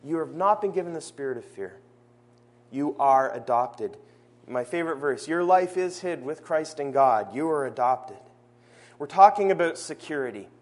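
Male preacher, fairly high voice, earnest sermon delivery that slows for emphasis at a church service. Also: expressive. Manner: earnest, slows down to stress key phrases.

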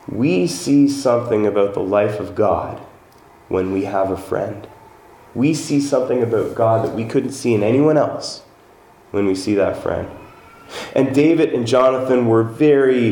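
A man preaching a sermon in an earnest way, lifting his voice with drama when he reads scripture aloud. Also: medium pitch. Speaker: pastor. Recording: echoey room with faint ambient noise.

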